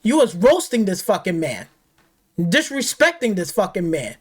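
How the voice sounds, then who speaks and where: A woman's voice: medium pitch, big pitch swings, normal speed, a little mellow. A woman hosting a gaming channel, ranting off the cuff in a heated, profane way, repeating herself and firing rhetorical questions. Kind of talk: angry off-the-cuff rant.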